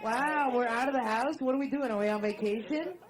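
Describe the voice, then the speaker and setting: A young adult woman stand-up comedian doing crowd work, teasing an audience member in a quick voice that keeps breaking into laughter. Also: a little high, noisy background. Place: comedy club stage before a live audience. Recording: live club with loud crowd.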